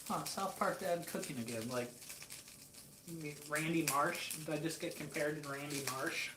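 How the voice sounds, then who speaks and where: A man's voice: fairly high pitch, moderate pace, noisy background. A man from Michigan cooking on a casual livestream, rambling and joking while answering chat. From Michigan, USA. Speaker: cooking streamer. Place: hotel room kitchen. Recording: roomy with faint ambience.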